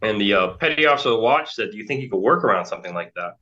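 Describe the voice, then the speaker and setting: An American man in his forties, a guest on an interview, rambles through a long casual story full of fillers and restarts. His voice sits lowish and sounds animated, pushed and bright, with rapid-fire delivery. The recording is dull and lo-fi.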